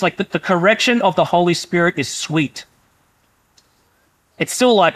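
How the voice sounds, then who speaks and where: A man preaching in a relaxed, conversational way, now and then slipping into the voices of inner thoughts. His voice sits a little high for a man. The sound is dry and close. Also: measured pace, long pauses, no echo. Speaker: pastor. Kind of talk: sermon.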